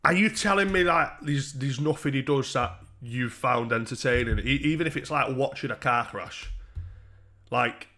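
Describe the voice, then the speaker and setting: A man's voice: medium pitch, moderate pace, sharp tone. A man hosting a live stream, talking in blunt, sweary, laddish banter while reacting to donations. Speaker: livestream host. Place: seated under a bright light indoors.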